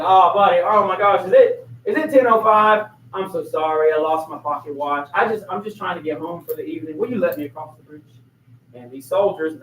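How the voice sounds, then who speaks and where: A man in a classroom lectures on history as a lively storyteller, often turning to ask his students questions. His voice sits slightly high for a man. The room is echoey, the mic is far off, and faint noise hums underneath. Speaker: teacher.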